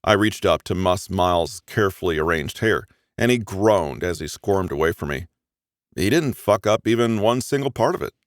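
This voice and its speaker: Male audiobook narrator, low and animated, dry close sound, expressive first-person romance reading. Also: moderate pace, no room sound.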